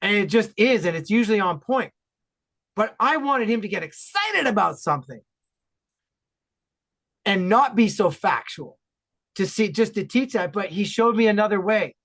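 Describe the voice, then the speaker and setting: A man from Ontario, Canada, talking enthusiastically and loudly as a guest in a casual podcast chat. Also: sits high, moderate pace, long pauses. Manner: enthusiastic, animated, loud talker.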